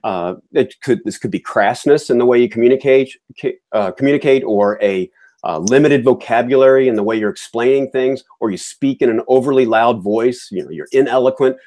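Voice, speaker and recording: This podcast host has a medium-pitched, mellow voice and talks a little fast. Chatty and opinionated, he keeps dropping fillers and starting sentences over.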